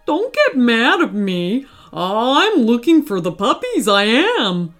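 A woman's voice: on the high side, sing-song, slow pace, fairly bright tone, faint music behind, exaggerated voice. A woman voicing a whiny, cowardly crook sidekick in a children's storybook, wailing and squealing.

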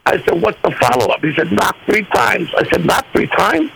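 An older man with a high, gravelly voice that swings widely as he spins stories for a radio interview. He acts out every bit of dialogue with animated energy. A faint hiss sits under the recording. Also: normal speed, poor audio. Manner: animated storyteller acting out dialogue. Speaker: guest singer.

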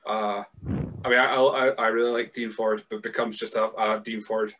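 A man's voice: on the low side, flat delivery, moderate pace, very noisy. A man with a mild Scottish accent, a podcast guest chatting casually in a laid-back, rambling, sweary way. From Scotland. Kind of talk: casual chat.

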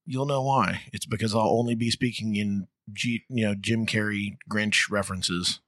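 A man co-hosting a casual podcast in a dry, close sound, with a fairly low voice. He teases his co-host, cracks jokes and laughs easily. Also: steady tone, a bit bright, no room sound. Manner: joking, teasing, quick to laugh.

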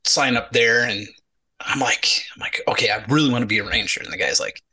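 Bright-voiced man telling army stories. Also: medium pitch, brisk, slightly rough, rough recording. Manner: animated storyteller acting out quoted dialogue, many repeated "he's like". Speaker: podcast guest, retired Army sergeant. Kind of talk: casual storytelling interview.

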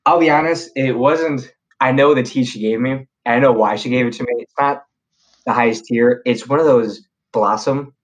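A young man telling a story in a relaxed podcast chat. He talks in a loose, slangy way, full of fillers and quick restarts, and his voice sits at an ordinary middle pitch. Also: dull audio. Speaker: podcast guest.

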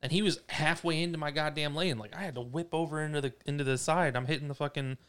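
A man's voice: fairly high pitch, quick pace, fairly bright tone, clean tone. A young man co-hosting a podcast, telling a driving story in casual, profane chat. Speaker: podcast co-host.

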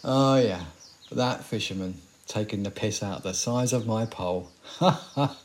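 A man's voice: lowish voice, unhurried, slight background noise, close to an everyday voice. A man playing a dry apocalypse survivor in his forties. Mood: wry. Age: 40s. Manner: dry, sardonic, rambling. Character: weary sardonic middle-aged male zombie-apocalypse survivor. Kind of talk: amateur audio drama acting.

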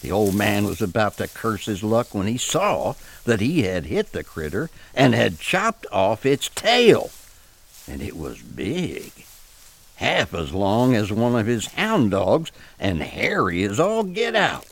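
A man tells a spooky campfire folk tale in a folksy, unhurried way. His voice has a gravelly, creaky edge and swings widely in pitch as he builds suspense. The delivery is slow and deliberate. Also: very animated. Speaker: storyteller. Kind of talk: scripted folk tale narration.

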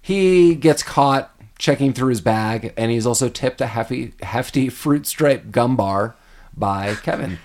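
A man hosting a podcast, retelling movie scenes in a casual, animated way and dropping into quick character voices. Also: mid-range voice. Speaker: podcast host.

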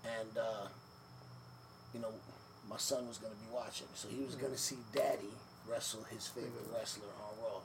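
A man telling stories in a relaxed sit-down interview, with many fillers, acting out the quotes of others. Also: on the low side, moderate pace, vocal fry. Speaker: podcast guest, former wrestler. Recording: noisy room ambience.

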